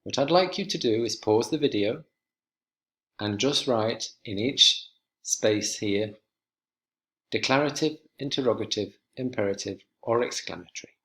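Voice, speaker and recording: Male teacher giving slow clear instructions. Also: medium pitch, fairly bright tone. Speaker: English teacher. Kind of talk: recorded online lesson walkthrough.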